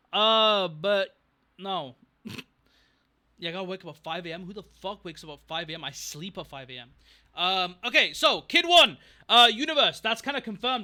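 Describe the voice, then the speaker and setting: A man's voice: high-pitched, pushed and bright. A young man chatting casually on a livestream, rambling, getting distracted and thanking viewers from chat. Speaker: streamer.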